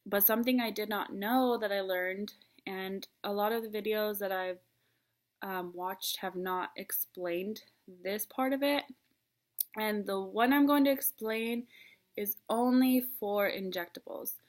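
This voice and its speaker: A young woman confides in a casual personal vlog, earnest and chatty, her sentences full of ums and likes. Her voice sits at an ordinary middle pitch, and at times she is close to tears. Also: unhurried. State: tearful, crying at times. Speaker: vlogger.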